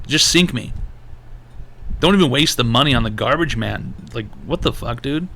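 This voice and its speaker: A man streaming his own advice show, talking in a crisp, forceful voice. He rants loosely and swears constantly, jumping from one thought to the next. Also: mid-range voice, normal speed. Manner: profane, animated ranting. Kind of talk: live-stream call-in talk.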